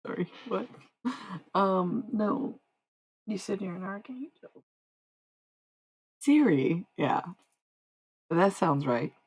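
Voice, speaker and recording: A woman's voice: medium pitch, animated, slow pace, long pauses, slightly rough, rough recording. A woman livestreamer in rambling casual chat, meandering and answering her chat as she goes. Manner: meandering, talks to chat, trails off.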